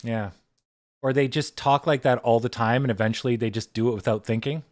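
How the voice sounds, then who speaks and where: A man hosting a casual livestream, talking in a relaxed, loose way and swearing freely into a desk microphone. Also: mid-range voice, fairly quick, no room sound, studio quality. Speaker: livestream host.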